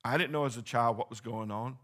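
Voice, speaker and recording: A male pastor preaching a sermon in a church, swinging between quiet, low asides and loud, rising exclamations. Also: fairly quick.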